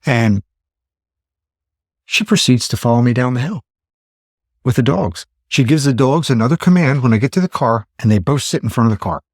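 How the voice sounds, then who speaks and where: A man's voice: medium pitch, lively intonation, normal speed, pauses often, no echo, clean studio sound. A man in his fifties, a podcast host telling a story in casual chat and acting out his own thoughts in exclaimed asides. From Pennsylvania. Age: 50s.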